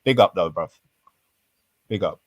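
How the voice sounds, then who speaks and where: A man's voice: low-pitched, expressive, measured pace, dry recording. A man arguing heatedly on a live-stream panel, swearing and full of slang. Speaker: panel guest.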